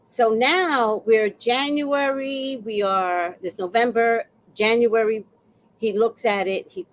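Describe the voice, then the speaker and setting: A woman's voice: medium pitch, a little hiss or hum, rough recording. A woman telling a personal story in a casual monologue, acting out the exchanges she describes. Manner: animated, acts out quoted exchanges.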